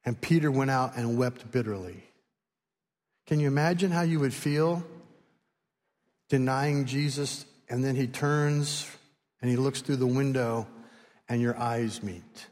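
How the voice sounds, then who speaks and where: A man preaching a sermon, retelling a story with lively, animated delivery and acted-out voices. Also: medium pitch, measured pace, long pauses, big-room sound. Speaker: pastor.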